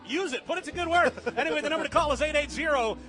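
A man's voice: extremely high pitch, very fast, sharp tone, faint music behind. A man hosting a live food radio show on location, joking and enthusiastic with his guests. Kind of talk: live remote radio broadcast.

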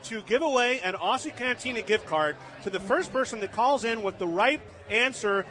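A man's voice: very high-pitched, animated, moderate pace, bright, forceful tone. A man hosting a live food radio show on location, joking and enthusiastic with his guests. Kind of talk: live remote radio broadcast.

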